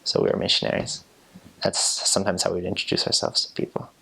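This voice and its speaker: A young man talks casually, with a very low voice and a gravelly creak. He is a former missionary explaining phrases, easygoing and chatty. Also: fast talker. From United States. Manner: relaxed, chatty, with fillers and soft laughs.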